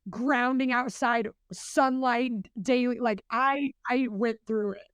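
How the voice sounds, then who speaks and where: Podcast guest: young woman, earnest and chatty, quick, dry close sound. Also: a little high, fairly even intonation, a bit bright, clear, resonant tone, no room sound. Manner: chatty, earnest, fast with many fillers. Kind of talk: casual podcast interview.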